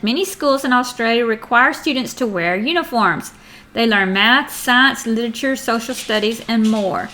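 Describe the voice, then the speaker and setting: A woman's voice: sits high, sharp tone. An American woman teacher reading a geography lesson aloud to children in a chatty way, often asking them questions.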